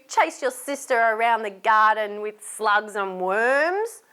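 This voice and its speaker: A woman with an Australian accent, a children's entertainer reading a picture book aloud, animated and asking young listeners to join in. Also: sits high, slow, few pauses, clean tone. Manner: animated, asks young listeners questions and invites them to join in.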